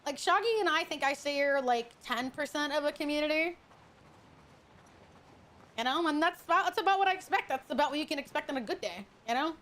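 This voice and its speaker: A woman's voice: sits high, lively intonation, a little fast, a bit bright. A woman VTuber chatting casually while gaming, swearing freely and greeting viewers with affection. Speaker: VTuber streamer. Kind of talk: casual gaming stream chat.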